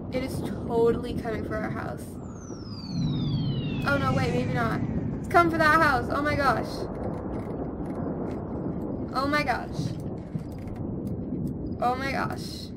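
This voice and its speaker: A woman giving casual let's-play commentary, chatty and easily excited, talking straight to her game characters. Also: high-pitched, a little slow, very noisy. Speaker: gameplay commentator.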